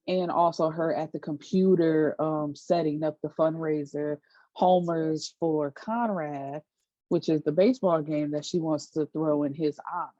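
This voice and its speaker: A woman's voice: sits low, warm tone, dry recording. A woman giving a casual, chatty TV episode recap, retelling scenes with lots of fillers. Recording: dull lo-fi dry recording.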